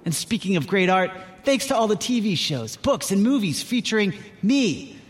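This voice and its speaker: A theatrical, self-admiring unicorn, played by a man, gushes through a comic acceptance speech. The voice is high and swings widely in pitch. It sits in a space with a long reverb tail. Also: big pitch swings, normal speed. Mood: gushing. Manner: theatrical, grateful, boastful. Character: vain, gushing unicorn accepting an award.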